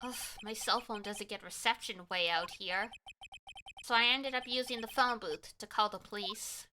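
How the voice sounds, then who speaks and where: A woman's voice: mid-range voice, normal speed, bright, forceful tone, a little hiss or hum, voice pushed down, lightly acted. A woman voicing a young male defense lawyer, earnest and easily flustered. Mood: wary.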